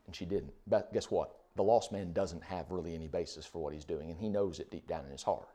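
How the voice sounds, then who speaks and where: A man's voice: low voice, brisk, few pauses, warm tone. A man preaching a sermon in a conversational way, full of rhetorical questions.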